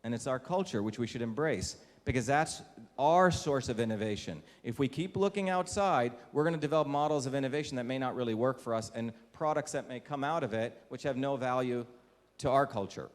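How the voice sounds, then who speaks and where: A man of ordinary pitch lectures to a live audience with emphatic, punchy delivery, often asking the room rhetorical questions. He is from India. His voice rings with the long reverb of a lecture hall. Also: a little fast. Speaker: invited lecturer.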